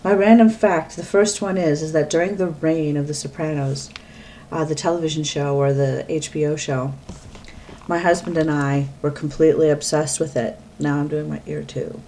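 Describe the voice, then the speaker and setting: A woman's voice: low voice, fairly even intonation, moderate pace, warm tone, a little hiss or hum. A middle-aged woman from the US East Coast, chatting alone to her webcam at home in a rambling way, often breaking off mid-sentence. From Pennsylvania, US East Coast. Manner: rambling, chatty, self-interrupting. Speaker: vlogger. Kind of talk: casual talk to webcam.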